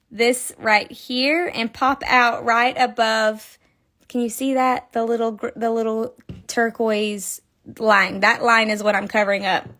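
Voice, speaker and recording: Her voice is slightly high and a bit bright. A young woman runs a relaxed live crochet lesson through a phone mic, chatting, laughing often and counting stitches aloud.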